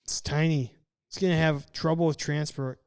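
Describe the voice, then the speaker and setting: Male podcast host, slightly higher voice, dry close mic, playful questioner. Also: fairly even intonation, darkish tone, clear, resonant tone, no echo. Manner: playful, asks quick questions, reads chat comments. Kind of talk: casual chat.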